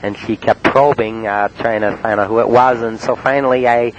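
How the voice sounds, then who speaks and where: A man in a spoken-word monologue, recounting his prank calls in a halting, matter-of-fact way with many uhs and ums. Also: mid-range voice, fairly even intonation, a little hiss or hum, rough recording. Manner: halting, full of uh and um.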